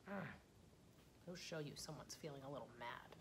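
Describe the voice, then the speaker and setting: A young woman running a children's storytime, with a slightly low voice and a patient, encouraging way of talking. She slows down for small children and often slips into a soft whisper. A faint rumble hums behind her. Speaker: children's librarian.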